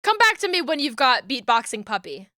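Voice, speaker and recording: Young woman streamer chatting away, kinda high bright voice, laughs a lot, lots of ums. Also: brisk, no room sound, studio quality. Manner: chatty and excitable, laughs often, many fillers. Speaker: streamer rigging an animated model. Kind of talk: casual live-stream chat.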